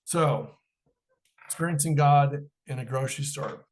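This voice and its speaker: A man's voice: fairly high pitch, unhurried. A middle-aged man, a podcast guest, telling a personal story in an interview and acting out the dialogue in it.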